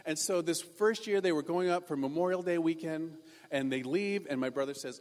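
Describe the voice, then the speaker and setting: A pastor telling a personal story in a sermon, animated and self-deprecating. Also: male voice, on the high side, normal speed, big-room sound.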